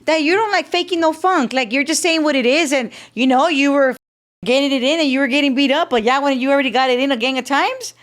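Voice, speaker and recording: A woman hosting an interview podcast, animated and reactive, gasping and swearing at the stories. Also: sits high, quick pace. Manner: animated, reacts with gasps and "oh, shit". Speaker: podcast host. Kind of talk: casual interview.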